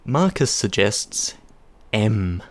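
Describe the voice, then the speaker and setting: A man co-hosts a casual film podcast in a low voice. He speaks slowly and answers dryly, keeping his remarks brief. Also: sing-song. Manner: dry, brief replies. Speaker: podcast co-host.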